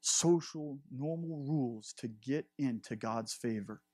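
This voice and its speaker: A man's voice: medium pitch, measured pace, a little mellow, no echo, studio quality. A man preaching a sermon as pastor, earnest and building his emphasis.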